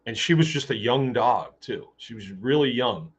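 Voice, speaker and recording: Through dull lo-fi audio, a medium-pitched podcast host with lively intonation and a moderate pace tells a loose, rambling story in monologue form, packed with fillers and restarts and acted-out quotes.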